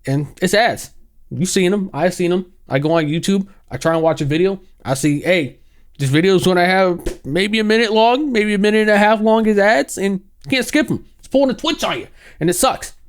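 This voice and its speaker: A young man ranting sarcastically in casual commentary, exaggerated and quick to laugh. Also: high voice, animated. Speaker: gaming commentary youtuber.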